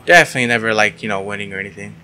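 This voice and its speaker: Young man, gameplay commentary, sarcastic, cursing, yelps, crisp bright tone. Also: lowish voice, very fast, slight background noise. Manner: sarcastic, swears often, yelps when frustrated. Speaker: gaming YouTuber.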